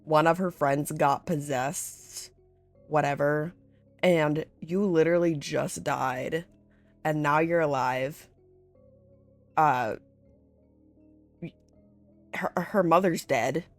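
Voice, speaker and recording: Woman vlogger, deep for her sex, unhurried, casual and chatty, faint music behind. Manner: chatty and rambling, full of "like", with laughs and swearing. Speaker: vlogger recapping a horror series. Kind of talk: casual chat.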